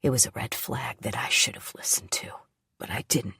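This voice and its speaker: A woman narrating a first-person audiobook in a hushed, often whispery voice. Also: very deep voice, normal speed, vocal fry, breathy edge, no room sound.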